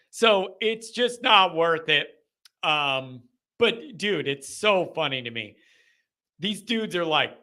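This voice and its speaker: Bright-voiced joking man hosting a live chat. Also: a little high, slow pace. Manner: animated, joking, ranting. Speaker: host.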